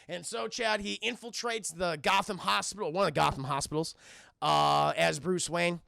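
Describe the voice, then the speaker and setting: A man's voice: sits high, normal speed, creaky, no room sound, studio quality. A man recapping a cartoon episode on a live stream, cursing freely and acting out scenes as he goes. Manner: profane, animated, acts out scenes in voices.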